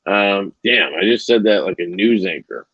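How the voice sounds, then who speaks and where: A man's voice: lowish voice, lively intonation, normal speed, dull audio, noisy background. Rambling man hosting a live stream. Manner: rambling, loose and profane, with many ums. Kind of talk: casual live stream sign-off.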